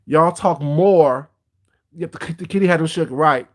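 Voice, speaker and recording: A man's voice: fairly high pitch, a little slow. A man hosting a casual livestream, giving blunt, gossipy commentary and greeting viewers by name. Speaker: livestream host.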